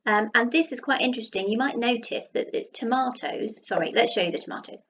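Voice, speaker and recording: A woman with a Southern English accent teaching a phonics lesson to young children, sounding out letters slowly and praising them. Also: fairly high pitch, fairly bright tone, muffled recording, slight background noise. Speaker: primary school teacher. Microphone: computer mic while writing with a mouse.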